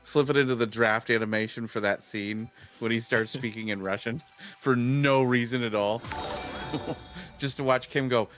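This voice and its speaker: A man's voice: medium pitch, steady tone, normal speed, fairly bright tone, soft background music. A man chatting casually on a livestream, rambling and restarting his sentences, often laughing at his own jokes.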